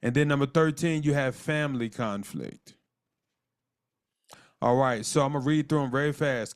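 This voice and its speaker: A man leads a marriage class over a live call, his voice at an ordinary middle pitch. He speaks earnestly, circles back over his own words, and slows down to dictate points and spell them out letter by letter. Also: smooth. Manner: earnest, repeats words, dictates lists slowly and spells terms out. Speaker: marriage church teacher. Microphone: call audio.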